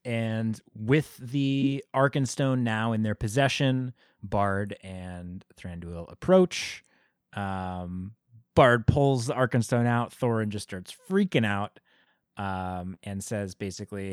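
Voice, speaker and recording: A man co-hosting a casual podcast, retelling film scenes with lively quoted voices. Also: on the low side, slow, clear, resonant tone, dry recording, clean studio sound. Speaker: podcast co-host. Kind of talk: casual film review chat.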